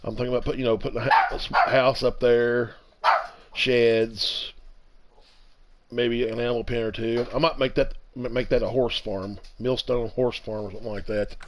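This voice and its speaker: A man in his fifties giving casual, rambling commentary while playing a farming game, with halting restarts. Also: medium pitch, little pitch movement, noisy background. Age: 50s. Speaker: let's play streamer.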